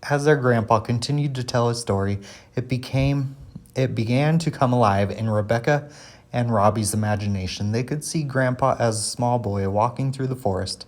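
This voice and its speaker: A man reading a children's story aloud in a plain, steady way, with small slips and restarts. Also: medium pitch, moderate pace.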